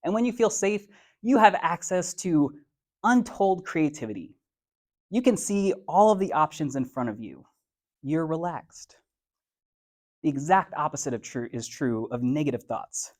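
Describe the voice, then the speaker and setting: A man's voice: fairly high pitch, animated, a little slow. A man and author giving a conversational, playful motivational talk to a live audience, laying out his points in numbered steps and using casual everyday phrasing.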